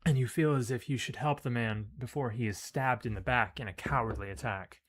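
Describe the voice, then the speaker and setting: A man with a medium-pitched voice speaks briskly while playing a video game. He reads its story text aloud casually, with loose emphasis and offhand asides.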